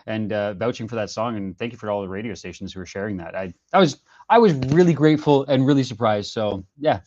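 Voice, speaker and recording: A man's voice: lowish voice, fast, darkish tone, highs cut off. A man, a singer-songwriter guest in a casual interview, telling his story earnestly with lots of fillers and restarts.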